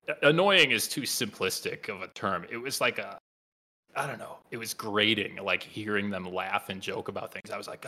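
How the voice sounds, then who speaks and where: A man's voice: lowish voice, normal speed, bright, forceful tone. A man chatting casually on a podcast, telling wry, rambling stories. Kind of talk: casual chat.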